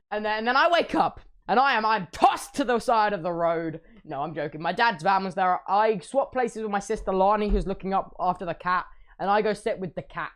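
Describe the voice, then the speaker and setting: A man's voice: high voice, fairly bright tone. A young man streaming, telling a playful, exaggerated story and slipping into silly voices.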